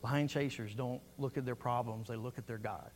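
A man's voice: mid-range voice, steady tone, normal speed, slight background noise. A man preaching a sermon as pastor, fervent and building through repeated phrases.

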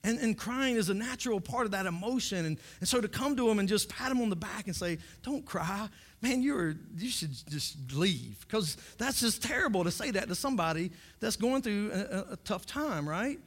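Man, pastor, humorous sermon, high-pitched, stammering restarts. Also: animated, brisk, hardly any pauses, a bit bright. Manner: joking, repeats words when starting sentences.

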